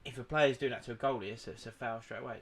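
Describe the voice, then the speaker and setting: A man's voice: mid-range voice, steady tone, fast talker, fairly bright tone. A young man co-hosting a casual football podcast, chatty and rambling, with frequent restarts. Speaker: podcast co-host.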